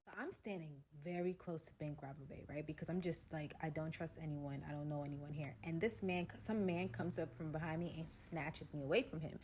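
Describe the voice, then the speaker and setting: A woman's voice: a little fast, few pauses, a little hiss or hum. A woman telling a dramatic personal story in a casual storytime, acting out what everyone said. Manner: animated, acts out quotes with shifting pitch and volume.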